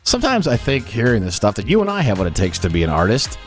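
A man's voice: mid-range voice, wildly swooping pitch, fast talker, soft background music. A man co-hosting a casual comedic podcast, bantering playfully. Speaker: podcast co-host.

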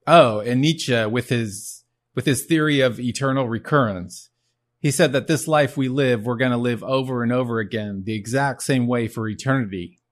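A man's voice: medium pitch, moderate pace, natural voice. A man briefly putting on the voice of a neurotic, self-pitying middle-aged man who complains wryly. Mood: grumbling.

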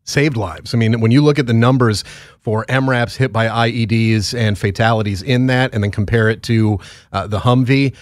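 A man's voice: medium pitch, fairly even intonation, normal speed, no echo, studio quality. A man hosting a casual morning podcast, rambling and joking with his producer, with plenty of fillers. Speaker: podcast host. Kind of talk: casual morning show chat.

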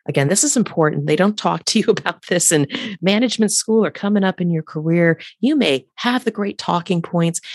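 A woman's voice: mid-range voice, no room sound, studio quality. A woman with an alto voice, hosting a podcast and coaching listeners in an emphatic way, ending her sentences on a falling note while she stands at her desk. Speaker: podcast host and career coach. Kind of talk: solo podcast talk. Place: home office at a standing desk.

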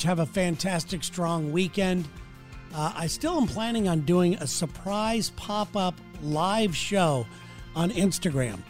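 High-voiced guy rambling on his own show, blunt, swears a lot, soft music behind. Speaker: podcast host. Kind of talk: casual solo monologue. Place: city.

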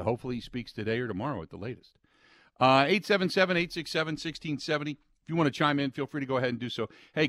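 A man's voice: medium pitch, fairly bright tone, no echo, studio quality. Opinionated male sports radio host. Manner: emphatic, opinionated, quotes imagined players. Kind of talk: sports talk radio monologue.

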